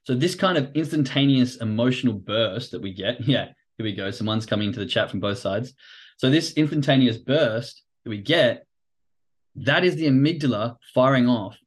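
On his livestream, this trading coach and podcast host breaks down trading psychology at a normal speed in a medium-pitched voice. The talk is casual and energetic, with dramatized quotes of people's reactions and offhand swearing.

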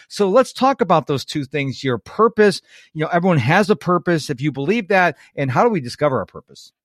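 A man's voice: on the high side, fairly quick, dry recording, clean studio sound. A man hosting a podcast interview, chatting casually with jokes and earnest asides. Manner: animated, jokey and earnest. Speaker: podcast host.

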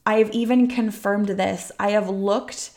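A woman coach talks alone on her own podcast in a loose, emphatic way. Her voice sits at an ordinary middle pitch, and she often drops in sighs, swear words and quick asides. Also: fairly even intonation, a little mellow. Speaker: podcast host and womb-healing coach. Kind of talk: casual solo podcast monologue.

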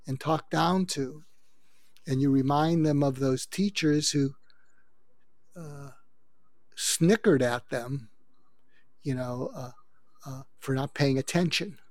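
A man's voice: on the high side, slow pace, pauses often, darkish tone, dry recording. An older man, a guest expert, explaining how to handle conflict in a coaching, advice-giving way. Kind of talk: advice-giving interview talk.

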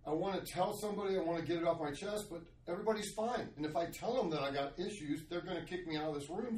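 A man's voice: fairly high pitch, darkish tone, a little hiss or hum. Earnest man, roomy distant sound. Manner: earnest and confessional, with frequent restarts. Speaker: guest sharing his testimony. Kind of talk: candid storytelling.

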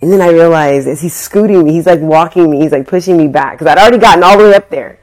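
A woman's voice: sits low, fast, darkish tone, faint music behind. A woman vlogging, telling a story in a casual, slangy way with swearing and acted-out quotes.

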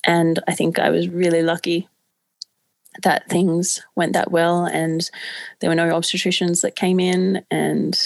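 Brief: woman guest, candid storyteller, low-ish gravelly voice, dry close sound. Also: level tone, measured pace, dry recording. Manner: candid, chatty, many fillers. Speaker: podcast guest. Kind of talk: casual storytelling.

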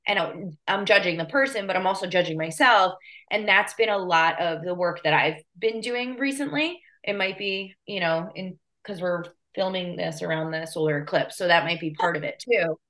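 A woman's voice: lowish voice, normal speed, fairly bright tone. A woman hosting a casual conversation, reflective and chatty, often checking that her guest follows. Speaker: podcast host.

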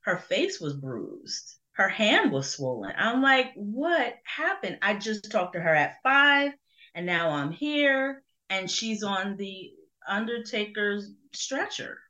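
A woman's voice: mid-range voice, very animated, slow pace, sharp tone. A middle-aged woman from New Jersey, a guest giving a personal faith testimony in conversation, earnest and reflective with many fillers. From Burlington, New Jersey. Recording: dull lo-fi sound.

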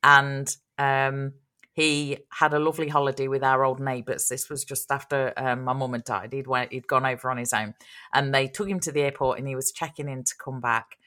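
Low, bright-voiced woman. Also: fairly even intonation, normal speed. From Australia. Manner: chatty storyteller, laughs often. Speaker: podcast co-host. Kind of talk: casual chat.

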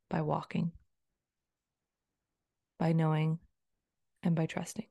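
A woman's voice: mid-range voice, normal speed, dry recording, clean studio sound. A woman coach talking casually on her own podcast, rambling and repeating phrases as she quotes her own self-talk. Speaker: personal development coach and podcaster. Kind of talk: casual solo podcast monologue.

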